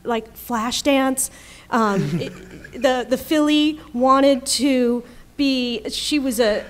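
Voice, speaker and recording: Woman, writer on a panel, slightly high voice, chatty, laughs a lot. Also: very slow. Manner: chatty, laughs often mid-story. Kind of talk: panel discussion. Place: convention panel room.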